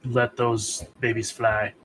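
A man's voice: medium pitch, little pitch movement, slow pace, background noise. A man playing a tabletop game over voice chat, talking hesitantly with many ums. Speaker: player.

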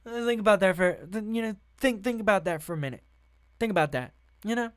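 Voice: medium pitch, fast talker, smooth. A sarcastic political commentator who reads out news and breaks into profane rants. The delivery is heated, mocking and full of rhetorical questions.

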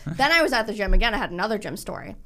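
A young woman in casual chat, telling lively stories and acting out what people said. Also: medium pitch, rapid-fire. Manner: animated storyteller acting out quotes.

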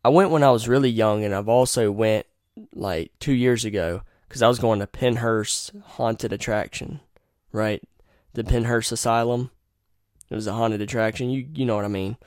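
A man's voice: on the low side, steady tone, normal speed, darkish tone, no room sound, studio quality. A young man hosting a podcast, telling rambling, profane stories and giving blunt opinions in a casual monologue. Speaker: podcast host.

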